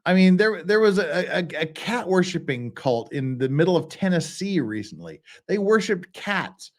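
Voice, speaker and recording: A man's voice: high voice, sing-song, normal speed. A man hosting a casual live stream, rambling and joking with many restarts and asides. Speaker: streamer host. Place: lives in Korea.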